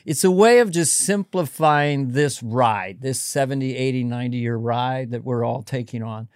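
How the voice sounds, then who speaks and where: A man's voice: medium pitch, normal speed, no room sound, clean studio sound. A middle-aged man, a comedian guest in casual podcast chat, musing and giving advice in a wandering way.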